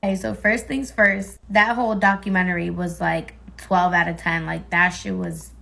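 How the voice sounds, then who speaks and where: Slangy young woman with a gravelly voice. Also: lowish voice, level tone, normal speed, pushed and bright. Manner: slangy, filler-heavy, dramatic. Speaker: clip creator. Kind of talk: casual storytime.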